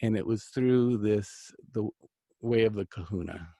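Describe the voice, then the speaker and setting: Earnest rambling man, lowish voice. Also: a little slow, dark tone, no echo. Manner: rambling, earnest, full of fillers and restarts. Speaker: host, angel card reader and healer. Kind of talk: casual storytelling chat.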